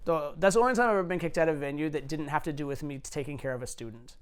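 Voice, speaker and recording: A man's voice: a little high, racing, clear, resonant tone. A man in his forties, a dating coach, telling stories casually, loose and profane with many fillers. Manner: swearing, filler-heavy, anecdotal. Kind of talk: casual storytelling.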